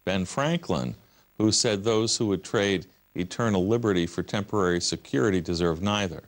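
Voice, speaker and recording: A man's voice: low-pitched, moderate pace. Passionate man pressing his case. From United States. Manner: passionate, emphatic, builds lists for effect. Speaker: interview guest, religious liberty advocate. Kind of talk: broadcast religious interview.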